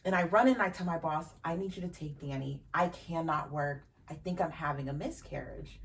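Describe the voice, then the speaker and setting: A woman with a fairly low voice hosts a podcast and tells a deeply personal story. She speaks frankly and emotionally and swears casually. She sits some distance from the mic, so her voice sounds a little far off. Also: a little fast. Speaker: podcast host.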